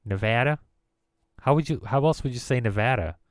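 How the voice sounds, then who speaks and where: Streaming from his home computer, a man chats casually and wanders off into jokes and wordplay. His medium-pitched voice is brisk, and the recording is clean studio sound with no echo.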